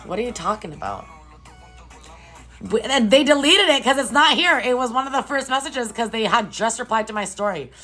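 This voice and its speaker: A woman chats with her stream viewers from a hotel room, her voice bright and full of lively ups and downs. She rants in a casual, profane, disbelieving way. Faint music plays in the background. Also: on the high side, normal speed. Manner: animated, profane, incredulous rants to chat. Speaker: live streamer chatting with viewers. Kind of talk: casual chat.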